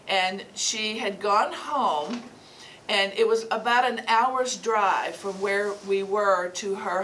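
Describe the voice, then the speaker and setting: A woman's voice: on the high side, a bit bright. A woman giving an earnest, sermon-style talk, telling stories and often repeating words as she goes. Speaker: spiritual speaker. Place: small shop gathering room. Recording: distant mic, faint room noise.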